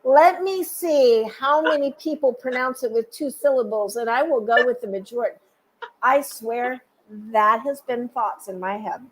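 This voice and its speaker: A woman's voice: a little high, moderate pace, slight background noise, poor audio. A woman hosting a casual chat, playful and chatty, with rambling asides. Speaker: podcast host.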